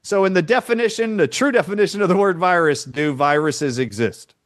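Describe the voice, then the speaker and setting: A man's voice: high voice, fairly quick, a bit bright, no room sound, studio quality. A man as a guest on a podcast, explaining his views emphatically and quizzing the hosts. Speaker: guest doctor. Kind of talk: podcast conversation.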